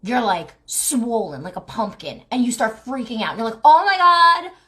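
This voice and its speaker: A woman's voice: on the high side, expressive, normal speed. A woman who runs a massage clinic, talking casually and with exasperation to her viewers, asking rhetorical questions and saying "like" and "right?" often. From New Jersey, United States. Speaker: clinic owner and lymphatic massage therapist. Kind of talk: casual talking-head advice video.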